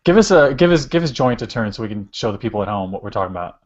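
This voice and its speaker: A man's voice: on the low side, big pitch swings, very fast. A man co-hosting a podcast, chatting casually with lots of laughter and filler words. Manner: laughing, rambling with many fillers. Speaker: podcast co-host. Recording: dull lo-fi podcast audio.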